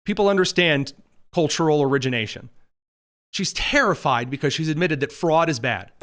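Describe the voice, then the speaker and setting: A man's voice: on the high side, moderate pace, a bit bright. A man hosting a political commentary livestream from a studio, talking with sarcastic, mocking asides. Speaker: host.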